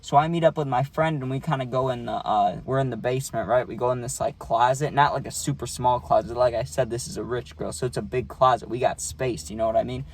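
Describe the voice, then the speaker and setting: A man's voice: mid-range voice, fast, hardly any pauses, slight background noise. A young man vlogging a casual storytime, rambling and swearing, with many fillers.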